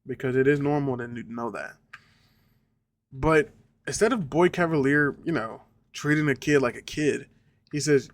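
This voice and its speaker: A young man talks through a show review in a loose, casual way. He circles back on his points, restarts sentences, and curses when something bugs him. His pitch sits in an ordinary middle range for a man. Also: normal speed. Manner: rambling, repeats himself, swears when annoyed. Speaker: reaction reviewer.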